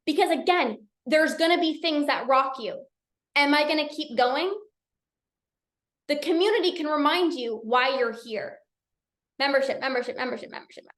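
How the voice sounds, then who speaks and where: A woman coach talking casually in a live session, energetic and chatty with many restarts. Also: high-pitched, unhurried, reverberant. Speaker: binge eating coach hosting a live session. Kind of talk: casual live-stream talk.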